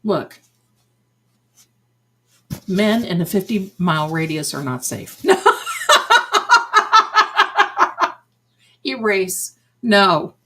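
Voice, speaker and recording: Her voice is on the low side, animated and fairly bright, delivered slowly with long pauses: an older woman hosting a psychic livestream. The medium chats casually and effusively, showering viewers with endearments such as "my darling."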